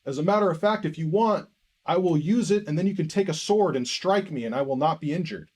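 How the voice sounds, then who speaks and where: Man, preacher, lively storytelling, slightly high voice. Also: fairly quick. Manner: animated storyteller acting out dialogue. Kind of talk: sermon storytelling.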